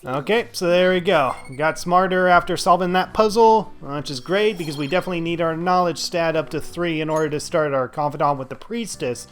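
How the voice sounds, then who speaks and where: A man's voice: fairly high pitch, fairly quick, few pauses, faint music behind. A man giving casual gameplay commentary as a let's play host, sarcastic and thinking aloud with lots of fillers.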